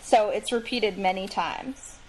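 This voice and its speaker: A woman co-hosting a casual podcast chat, talking in a chatty, hesitant way with many pauses and small laughs. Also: mid-range voice. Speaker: podcast co-host. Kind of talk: casual chat about books.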